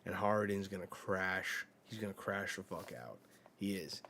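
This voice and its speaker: A man reads a comic aloud in a casual live reaction and breaks into profane, excitable outbursts. His voice sits low, and he talks at a slow, unhurried pace. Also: slight background noise. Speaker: host reacting to a manga chapter.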